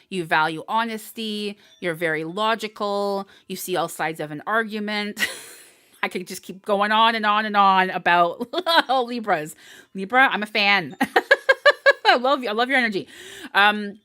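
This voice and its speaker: A woman's voice: medium pitch, pushed and bright, clear, resonant tone, no echo. A woman giving a live collective tarot reading, talking in a chatty, upbeat way and laughing often. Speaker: tarot reader.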